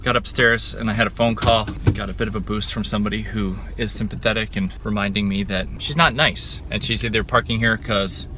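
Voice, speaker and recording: A man's voice: lowish voice, steady tone, a little fast, hardly any pauses, background noise. A man recording a candid video diary from his parked car, talking in a rambling, self-reflective, conversational way. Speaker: vlogger.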